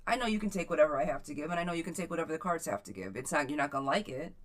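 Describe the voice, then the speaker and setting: Woman tarot reader on a live stream, slightly low voice, casual and chatty. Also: animated, racing. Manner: chatty, repeats viewers' questions aloud, stumbles over words. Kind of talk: live-stream chat reading viewer questions.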